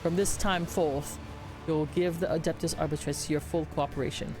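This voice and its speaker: A woman's voice: deep voice, fairly even intonation, moderate pace, over music, natural voice. A woman streamer voicing a stern male arbitrator issuing a formal arrest in a video game. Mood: commanding. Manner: formal, commanding pronouncement.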